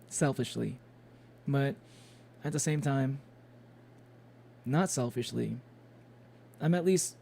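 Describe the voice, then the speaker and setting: A man's voice: mid-range voice, gravelly, warm tone, slightly rough. A man streaming a game, chatting casually and rambling with lots of fillers and little chuckles. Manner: rambling, many fillers and restarts, chuckles often.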